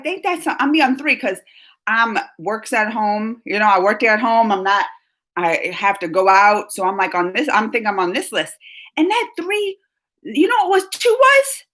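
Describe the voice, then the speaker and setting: A middle-aged woman hosting a casual live stream, chatting with viewers and telling stories with frequent laughs. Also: medium pitch. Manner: chatty, animated storytelling with laughs. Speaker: live-stream host reading chat.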